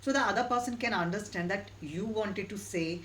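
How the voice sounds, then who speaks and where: A woman giving an online English lesson in a steady, instructive way, repeating her key points. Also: medium pitch, fairly quick, slight background noise, poor audio. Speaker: English teacher.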